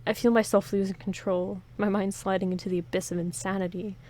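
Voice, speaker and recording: A woman's voice: medium pitch, little pitch movement, fairly quick, darkish tone. A woman hosting a playthrough, reading an interactive horror story aloud in first person and breaking off for casual, joking asides. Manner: reads dramatically, breaks off for chatty, joking comments.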